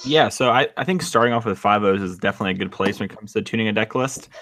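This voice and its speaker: A man's voice: on the low side, quick pace, a bit bright. A man on a podcast as a returning guest, chatting loosely about playing decks with lots of "like". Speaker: guest, former co-host. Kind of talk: casual podcast chat.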